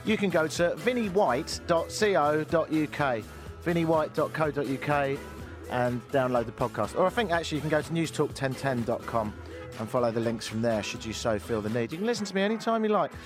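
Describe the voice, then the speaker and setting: A man's voice: on the high side, expressive, a little fast, over music. A man hosting a casual radio talk show, wry and sarcastic, rambling between topics. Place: radio studio. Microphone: studio microphone.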